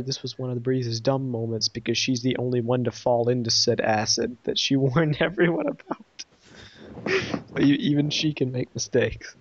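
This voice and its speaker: A man's voice: medium pitch, muffled recording. A man casually reviewing an episode, retelling the plot in a rambling way and voicing quoted lines.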